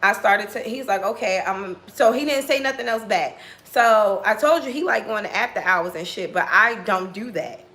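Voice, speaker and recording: A woman's voice: mid-range voice, normal speed, hardly any pauses. A woman telling a dating story in a casual vlog, blunt and profane, acting out both sides of the conversation. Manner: blunt, profane, animated retelling with quoted dialogue.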